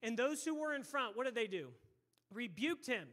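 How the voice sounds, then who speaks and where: A pastor preaching a sermon into a microphone in a church, loud and emphatic, repeating words and breaking into shouts. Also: male voice, very high-pitched, big pitch swings, normal speed. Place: church sanctuary. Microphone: handheld or stage microphone.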